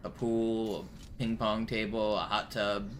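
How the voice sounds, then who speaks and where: Young male streamer: casual, profane, low voice, noisy mix. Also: slow. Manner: rambling, profane, filler-heavy storytelling. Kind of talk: casual gaming stream chat. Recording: steady background noise.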